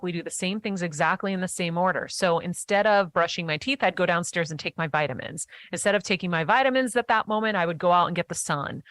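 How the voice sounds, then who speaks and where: A woman guest in a casual interview chat, talking eagerly in animated bursts with quick restarts. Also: on the low side, no echo.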